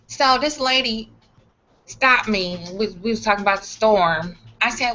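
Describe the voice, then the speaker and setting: A middle-aged woman from Chicago, telling a profane, animated story in a casual vlog and acting out other people's lines. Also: fairly high pitch, measured pace. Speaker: vlogger. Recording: dull lo-fi sound.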